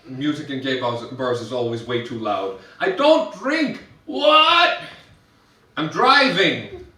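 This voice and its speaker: A man's voice: fairly high pitch, a bit bright. A young adult man doing drag stand-up, telling chatty, self-mocking stories with lots of restarts and giggles. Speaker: drag performer. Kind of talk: stand-up storytelling. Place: live show venue. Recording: echoey room, voice from some distance.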